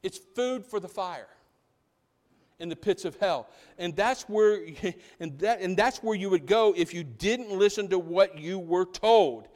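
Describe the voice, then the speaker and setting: A man preaching a sermon as pastor, animated, swinging between loud outbursts and hushed lines. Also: high-pitched, unhurried, in a large hall.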